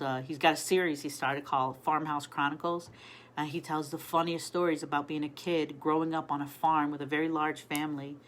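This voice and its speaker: Chatty grandmother, lowish woman's voice. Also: a bit bright. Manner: chatty storyteller, greets viewers by name. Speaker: live-stream host. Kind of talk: casual live-stream chat.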